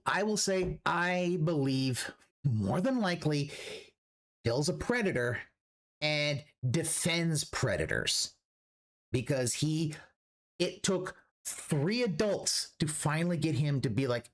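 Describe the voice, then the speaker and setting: A man's voice: on the high side, lively intonation, slow. A man streaming a reaction, ranting profanely and restarting his sentences as he goes. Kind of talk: livestream reaction commentary.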